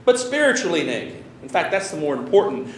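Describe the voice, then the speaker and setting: Animated male pastor preaching in an echoey room. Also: fairly high pitch, fairly quick, slight background noise. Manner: animated, conversational preaching with wide swings from loud to quiet. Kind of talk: sermon.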